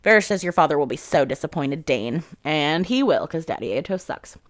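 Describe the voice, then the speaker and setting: Woman gushing thru a book recap, lots of "like", kinda low voice, dry no-room sound. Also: expressive, a little fast, no room sound. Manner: chatty, frequent "like" and asides. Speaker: book reviewer.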